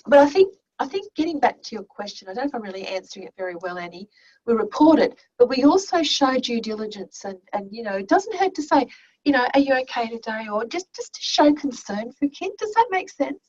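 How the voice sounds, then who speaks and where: A woman's voice: a little high, very animated, brisk, darkish tone. A woman teaching an online class, telling classroom stories in a chatty way full of restarts, heard over a video call. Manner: anecdotal, conversational, with many restarts. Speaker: teacher educator. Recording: muffled, distant video call audio.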